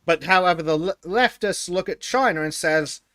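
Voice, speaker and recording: A man's voice: high-pitched, measured pace, bright, forceful tone, no echo. A man co-hosting a casual podcast, reading chat comments aloud, laughing often and stumbling over his words.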